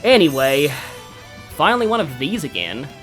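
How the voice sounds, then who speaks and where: Chatty let's-play host with lively pitch. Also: normal speed. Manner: chatty, exasperated at the boss. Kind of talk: gameplay commentary. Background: game music.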